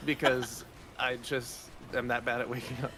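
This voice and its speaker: A man's voice: mid-range voice, level tone, normal speed. Rambling, self-deprecating male co-host. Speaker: morning show co-host. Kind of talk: casual storytelling.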